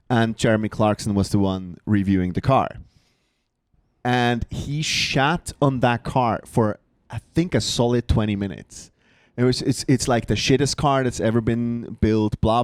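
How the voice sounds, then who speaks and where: Male podcast co-host, mid-pitched, profane and animated, close dry studio sound. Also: a little slow, no room sound. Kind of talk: casual comedy podcast chat. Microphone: studio podcast mic.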